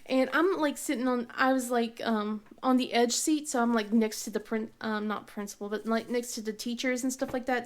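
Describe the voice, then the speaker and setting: A woman in her thirties hosting a craft channel, telling a family story in a rambling, casual way with lots of fillers and restarts, often laughing as she goes. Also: fairly high pitch.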